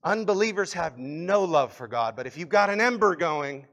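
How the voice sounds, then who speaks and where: A man's voice: fairly high pitch, lively intonation, normal speed, a bit bright, muffled recording. A man preaching a sermon in an earnest, fervent way, with many fillers and restarts. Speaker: pastor.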